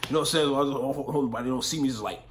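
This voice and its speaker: Young dude vlogging, slangy and cussing, mid pitch, keeps saying you know what im saying. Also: male voice, very fast. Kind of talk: casual storytelling.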